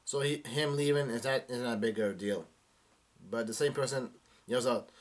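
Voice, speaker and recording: A man's voice: medium pitch, moderate pace. A young man doing a casual live reaction to a manga chapter, reading the dialogue aloud with many fillers and restarts.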